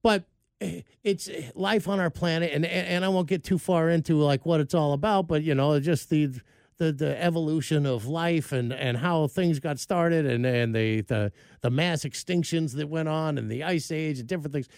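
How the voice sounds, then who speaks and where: A man's voice: on the high side, moderate pace, gravelly, darkish tone, clean tone, no room sound, clean studio sound. Chatty middle-aged man telling a story. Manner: chatty, rambling, self-mocking. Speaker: show host. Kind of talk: casual storytelling chat.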